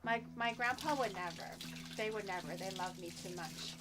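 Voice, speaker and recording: A woman streamer telling stories in casual chat, animated and laughing often. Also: medium pitch, moderate pace, very noisy.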